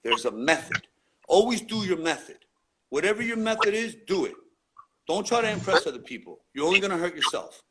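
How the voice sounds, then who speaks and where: A New York graffiti writer, interviewed casually, tells his stories in a high voice with big pitch swings and a slightly fast pace. He is laid-back, swearing freely in street slang, against loud background noise.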